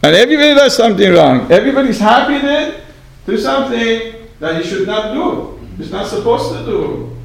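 A man teaching a Torah class, halting with fillers and asking his listeners rhetorical questions. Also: very high-pitched, very animated, vocal fry, low-quality recording. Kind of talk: class lesson on scripture.

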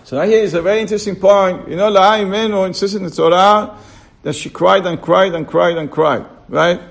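A man leads an informal class in a high voice with a gravelly rasp. He keeps asking his listeners rhetorical questions and checks that they are following. He repeats key words over and over for emphasis. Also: steady tone, fairly quick. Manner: checks on listeners with short asides. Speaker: Torah teacher. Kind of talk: casual classroom lecture.

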